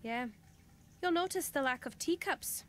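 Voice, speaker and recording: A woman's voice: high voice, lively intonation, measured pace, fairly bright tone. An actress voicing a dry, teasing older female former newspaper writer in a mystery game. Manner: dry, teasing, then urgent.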